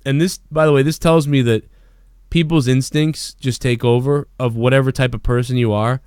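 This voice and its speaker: A man hosting a podcast, telling a rambling, profane story in an excitable, casual way. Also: mid-range voice, normal speed, smooth, dry recording, clean studio sound. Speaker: podcast host.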